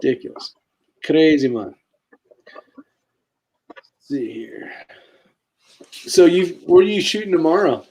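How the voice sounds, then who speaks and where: A man hosting a casual live stream, laid-back and quick to laugh, reading viewer comments aloud. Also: on the high side, very animated, gravelly, a little mellow, slightly rough. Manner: calls his own voice a sleepy DJ voice. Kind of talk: casual chat.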